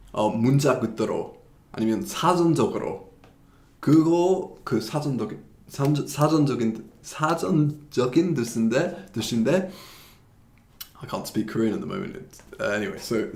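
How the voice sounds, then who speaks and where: Fast-talking, gravelly teacher. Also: male voice, mid-range voice, a little mellow, roomy sound. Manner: explains with repeated examples, switching between English and Korean. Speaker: English teacher. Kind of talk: live-streamed language lesson.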